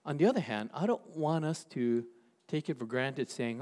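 A man preaching a sermon as pastor, reading scripture aloud and slowing down to stress key words. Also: on the high side, big pitch swings, dark tone. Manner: reads scripture aloud to the congregation.

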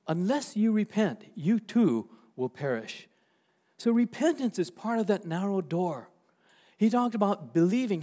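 A man preaching a sermon as pastor, reading scripture aloud and slowing down to stress key words. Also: high voice, a little mellow. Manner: reads scripture aloud to the congregation.

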